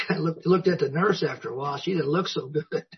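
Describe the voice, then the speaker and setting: A man's voice: a little high, brisk, husky. A man sharing his personal story at a recovery meeting, a folksy, self-mocking storyteller who chuckles often. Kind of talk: personal story told to an audience. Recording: dull lo-fi recording.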